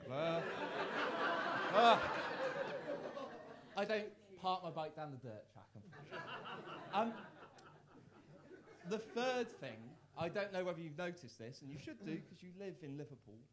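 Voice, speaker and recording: A young man from the works a comedy club crowd, his voice sitting a little high for a man. He trips over his own words and restarts often, then throws his punchlines out loud. He sounds self-mocking and close on a handheld stage mic. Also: sing-song, normal speed, long pauses. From Worcester, England. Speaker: stand-up comedian. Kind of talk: live stand-up set.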